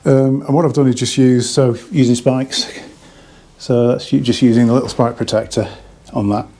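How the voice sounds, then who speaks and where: Chatty hi-fi dealer, husky and mellow, breathless, rambling. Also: male voice, mid-range voice, steady tone, normal speed. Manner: rambling, chatty, many restarts. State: slightly out of breath. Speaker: hi-fi dealer reviewing products. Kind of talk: casual product review.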